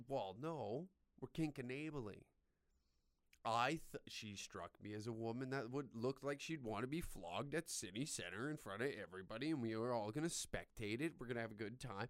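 Young man, crude sarcastic rant, smooth voice, close mic. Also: mid-range voice, brisk, dry recording. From Canada. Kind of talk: profane comedic rant.

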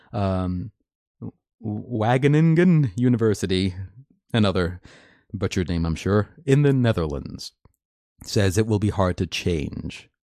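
A man's voice: medium pitch, mellow, no room sound, studio quality. A man hosting a live stream, reading news articles and commenting in a chatty, opinionated way with many fillers and restarts. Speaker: host.

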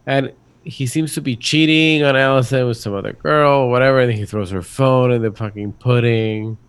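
A man in a casual movie chat, recapping the plot in a relaxed, offhand way and swearing casually. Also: mid-range voice, moderate pace, clear, resonant tone. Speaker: podcast co-host.

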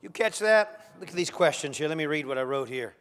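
A high-voiced man delivering a sermon. He swings from hushed, measured lines to loud, shouted peaks. He acts out the voices of the figures he quotes. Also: lively intonation. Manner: dramatic, swinging from soft to shouting. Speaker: preacher.

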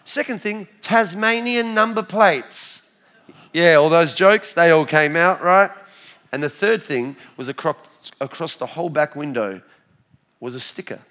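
A man in his forties with an Australian accent gives a church testimony, his voice sitting a little higher than most men's. He tells the story with lively energy and quick asides to the crowd. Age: 40s. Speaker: speaker sharing his testimony.

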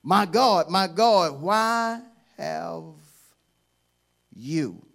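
A bishop preaching with a high, gravelly voice. He calls out to the congregation, urges them to repeat his words back, and drops from hushed near-whispers to full shouts. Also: animated, very slow. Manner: fiery call-and-response preaching, swinging from hushed to shouting. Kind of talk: sermon.

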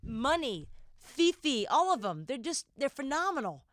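A woman poet guest talking casually on a podcast, telling stories in an animated way and laughing easily. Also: high voice, normal speed, no echo, studio quality. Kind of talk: casual conversation with poetry reading.

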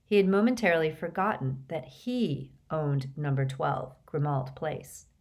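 Woman narrator, audiobook reading, lively pitch, fairly low voice. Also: unhurried.

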